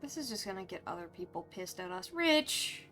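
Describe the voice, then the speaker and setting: A woman streamer recounting her character's story in a roleplay game, animated and frustrated, swearing freely. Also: on the low side, quick pace, faint music behind.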